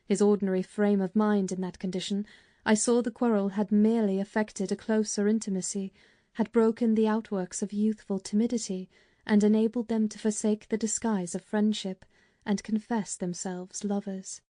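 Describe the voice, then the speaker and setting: Woman narrating an audiobook, mellow voice, dry close sound, steady pace. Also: medium pitch, normal speed, dry recording. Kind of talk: scripted narration.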